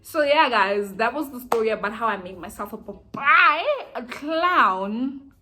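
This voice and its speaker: A young South African woman telling a storytime vlog in an animated, chatty, self-mocking way. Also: fairly high pitch, a little slow. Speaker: YouTuber.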